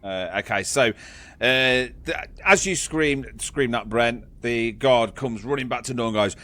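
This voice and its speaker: A man's voice: mid-range voice, measured pace, pushed and bright. A man narrating as game master in a casual, joking manner. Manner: casual, laughing, swearing narration.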